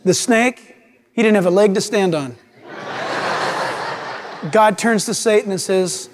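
A man's voice: high voice, a little slow, long pauses, in a large hall. A man preaching a sermon with dramatic delivery, acting out the voices of scripture figures.

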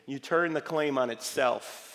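A man giving an emphatic, lively lecture to a live audience, quizzing them with rhetorical questions, his voice slightly failing. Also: mid-range voice, measured pace. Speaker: speaker addressing a live audience. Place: large hall with audience. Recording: echoey hall reverb.

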